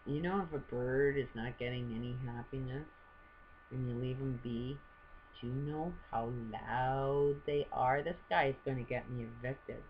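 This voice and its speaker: A woman's voice: a bass voice, normal speed, dull audio, slight background noise. An older woman vlogging at home, chatting to camera in a rambling way and laughing often. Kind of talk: casual chat to camera. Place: at home with a pet bird.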